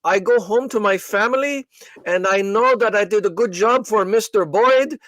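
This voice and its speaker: A man doing a chipper, robotic male phone-support agent, raised a notch above his own voice and stretched out slowly and mechanically. Every line comes out in stiff, scripted courtesy. The sound is dry and close. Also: sits high, a bit bright, dry recording, voice pushed up. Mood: earnestly devoted. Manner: slow, overly polite, mechanical delivery. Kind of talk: comic impression in podcast chat.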